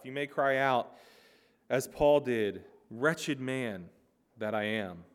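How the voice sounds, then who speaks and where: A man preaching a sermon in an earnest, emphatic way, pressing hard on key words and then dropping to soft, low lines.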